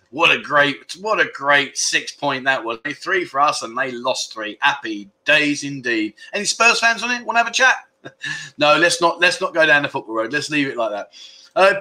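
A middle-aged man hosting a casual livestream chat, rambling and joking as he reads out viewer comments with quick asides. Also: a little high, bright, forceful tone. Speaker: livestream host.

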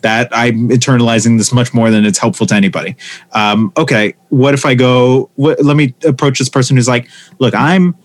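Speaking briskly in a mid-range voice, this male stand-up comedian spins animated stories in casual conversation, performing the voices of everyone he quotes.

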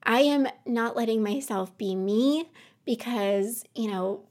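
A woman's voice: fairly high pitch, takes it slowly, a little mellow. A woman podcast host in her home office, talking through an unscripted personal monologue. She sounds emotional and close to tears, earnest and self-reflective, and she rambles a little.

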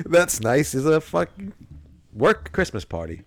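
A man's voice: a little high, very animated, moderate pace, gravelly. A man co-hosting a podcast in casual chat, joking and swearing a lot as he rambles through a story. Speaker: podcast co-host.

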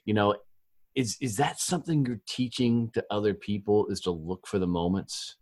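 A man's voice: on the low side, normal speed, a little mellow, no echo. A man hosting a podcast in casual chat, laid-back and loose, swearing now and then and calling his guest "dude.". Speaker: podcast host.

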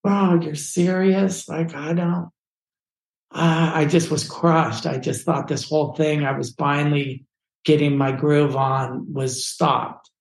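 Male podcast guest, slightly high voice, loose and animated storyteller, echoey room. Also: slow pace, gravelly. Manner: animated, casual, full of "like" and "dude". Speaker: photographer guest. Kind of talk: personal storytelling in a podcast interview. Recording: roomy echo.

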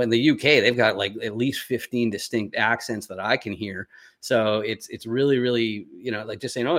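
A man's voice: lowish voice, fairly bright tone. A man talking casually as a podcast guest, rambling with many fillers and restarts. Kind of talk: casual chat.

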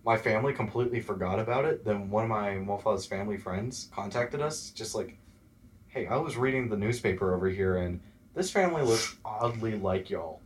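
Guest spot: young man from Texas, lowish voice, lively storyteller who does the voices in his anecdotes. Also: normal speed, slight background noise. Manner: animated storyteller, acts out quoted voices. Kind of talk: casual interview chat.

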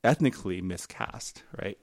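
Low-voiced man rambling with many ums. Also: animated, creaky, a little mellow, no room sound, clean studio sound. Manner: rambling, halting, lots of ums and laughs. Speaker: podcast co-host. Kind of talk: casual chat.

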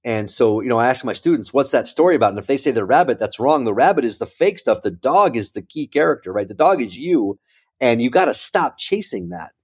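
A man with a mid-range voice and a breathy edge speaks fairly quickly, animatedly telling a story in a conversational interview. He is a speaker and professor who often checks in with the listener by asking "right?" and "okay?".

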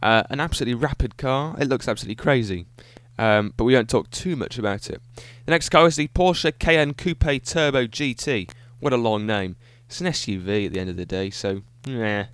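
A man's voice: mid-range voice, a little fast, hardly any pauses, a bit bright, clean tone, no room sound. A man hosting a solo podcast, talking in an enthusiastic, rambling way and often correcting himself. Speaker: podcast host. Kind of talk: solo casual podcast monologue.

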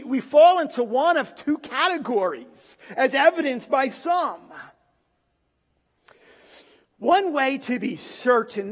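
A man preaching a sermon in a church, dramatic, pausing for effect and acting out the quotes he gives. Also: extremely high pitch. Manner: dramatic, with pauses and acted quotes. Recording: long reverb of a large hall.

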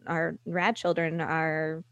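A middle-aged woman speaking candidly as a guest, halting and restarting, sometimes acting out what others said. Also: low-pitched, little pitch movement, no room sound, lo-fi sound. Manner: candid, halting with restarts, acts out quoted voices. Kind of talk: conversational podcast interview.

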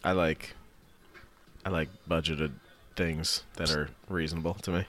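A man's voice: very deep voice, little pitch movement, a little slow, fairly bright tone, a little hiss or hum. A young man chatting casually, teasing his friend and swearing freely while they watch a movie. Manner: profane, teasing, joking. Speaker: co-host watching a film. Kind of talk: casual chat.

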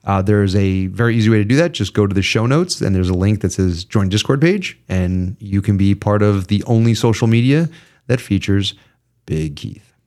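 His pitch fairly low and his pace moderate, this man hosts a casual podcast where he delivers a profane, animated rant and then switches to sponsor ad reads.

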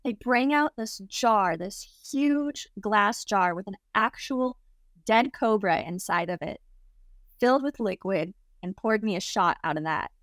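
A woman guest telling a story in a casual, lively way. She laughs often and acts out the people she quotes. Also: mid-range voice, unhurried, dry recording, studio quality. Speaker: interview guest.

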